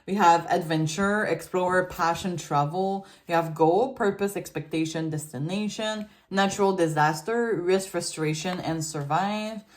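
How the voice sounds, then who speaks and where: Chatty woman, lowish voice. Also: a little slow, hardly any pauses. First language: French. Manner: chatty and giggly, loose filler-heavy talk. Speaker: tarot reader. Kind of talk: casual tarot reading.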